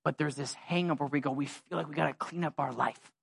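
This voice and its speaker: A pastor preaching a sermon in a conversational, animated way, full of slang and asides. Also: male voice, on the high side, quick pace, gravelly, husky. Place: church.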